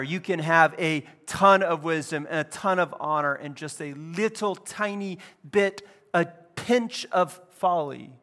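A man pastor preaching a lively, conversational sermon in a church. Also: fairly high pitch. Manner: conversational, animated preaching with casual asides. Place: church building.

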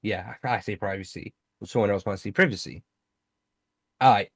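A man's voice: lowish voice, steady tone, fast, a crowd in the background. A young man with a British accent, chatting casually over online voice chat, mocking his friend and swearing freely.

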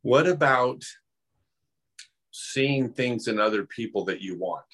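A man's voice: medium pitch, slow, a bit bright, breathy edge. A man interviewing casually, asking short, easygoing questions.

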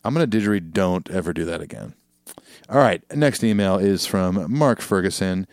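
A man's voice: low-pitched, animated, normal speed, darkish tone, no echo, studio quality. A man co-hosting a podcast in casual chat, telling rambling jokey stories and reading listener emails aloud. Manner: joking, rambling storyteller, reads listener emails. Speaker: podcast co-host.

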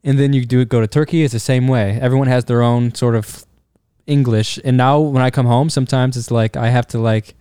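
A man's voice: mid-range voice, steady tone, fairly quick, mellow, smooth, no room sound, clean studio sound. A man chatting casually as a podcast guest, telling rambling stories and laughing often. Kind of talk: casual chat.

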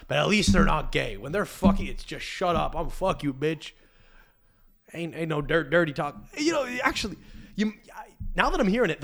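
A man's voice: fairly high pitch, vocal fry, fairly bright tone. Crude rambling male podcast host. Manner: crude, rambling, restarts a lot. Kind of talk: casual rant.

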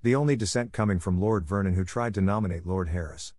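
A man narrating a fantasy audiobook in an even, measured reading. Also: deep voice, dry recording, clean studio sound.

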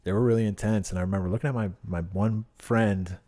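A man's voice: steady tone, fast. Laid-back profane man telling stories. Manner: laid-back, profane, acts out quotes in loud high voices. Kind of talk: casual storytelling.

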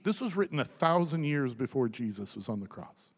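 A man in his thirties preaching a sermon as pastor, impassioned, rising to loud emphasis and dropping to hushed near-whispers. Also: medium pitch, sing-song, brisk, breathy edge. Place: church sanctuary. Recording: long reverb of a large hall.

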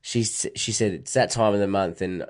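A man's voice: fairly low pitch, normal speed. A man co-hosting a comedic podcast, telling crude, self-mocking stories. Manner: crude, joking storyteller. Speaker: podcast co-host. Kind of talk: casual comedic chat.

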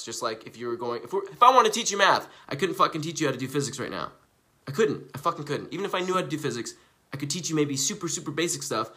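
A young man live streaming in a loose, casual way, with a bright, forceful voice. He rambles, curses freely and repeats his points, and he swings between loud outbursts and quiet asides. His pitch sits in the middle for a man. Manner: animated and profane, swings from loud to hushed. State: coughing from recently quitting smoking.

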